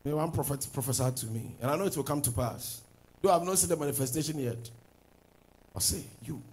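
A man preaching a sermon as pastor, swinging from loud declarations to low asides. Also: a little fast, husky, poor audio.

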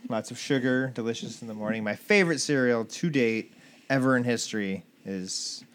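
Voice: mid-range voice, moderate pace. A podcast co-host in a casual chat, easygoing and joking, often laughing.

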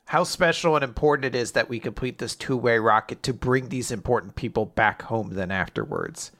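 A man's voice: medium pitch, very animated, a little fast, vocal fry, fairly bright tone, dry recording. A man co-hosting a casual show who recaps comic chapters in a loose way and laughs easily. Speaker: podcast co-host.

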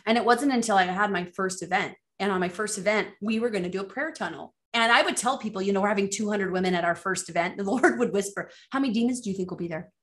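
Animated woman telling faith stories. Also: fast, few pauses. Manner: animated storyteller acting out her own reactions with big pitch jumps. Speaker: guest, ministry leader and coach. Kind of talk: casual faith podcast chat, storytelling.

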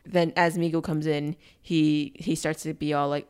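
Young woman, low smooth voice, casual movie-recap co-host, animated quoting. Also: moderate pace, hardly any pauses. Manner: chatty, acts out characters' lines with rising pitch.

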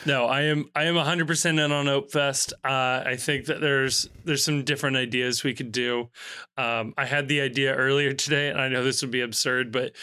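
Bright-voiced man co-hosting a podcast. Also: mid-range voice, moderate pace, smooth. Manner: laughs often, relaxed hosting. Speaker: podcast co-host. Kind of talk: casual chat.

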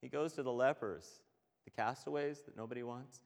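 A pastor preaching a passionate sermon, swinging between quiet and loud. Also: male voice, medium pitch, normal speed, creaky. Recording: echoey hall.

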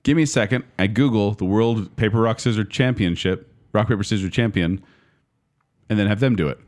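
A man co-hosting a podcast, joking and quickly arguing his way through hypotheticals in casual chat. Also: on the low side, fairly even intonation, darkish tone. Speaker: podcast co-host.

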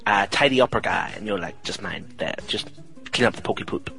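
A man's voice: lowish voice, lively intonation, a little fast, creaky, bright, forceful tone, faint music behind, poor audio. A young man, a podcast host chatting casually and jokily, rambling with fillers. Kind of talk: casual chat.

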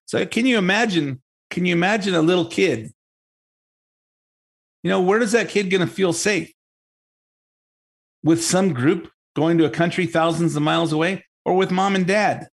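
A man hosting his own talk show, sarcastic and mocking as he rambles through an opinionated commentary. His voice sits somewhat high for a man, and he often stops to restart his sentences. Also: normal speed, slightly rough.

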